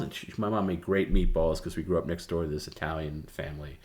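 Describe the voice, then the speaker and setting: Man, middle-aged, very low voice, casual storytelling, candid, meandering. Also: steady tone, fast, few pauses. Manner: candid, meandering, often trailing off softly. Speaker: livestream host.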